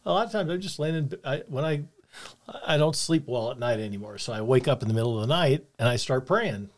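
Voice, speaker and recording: A man's voice: mid-range voice, animated, fast talker. An older man, earnest and reflective, telling a personal story about faith and loss. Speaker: podcast co-host.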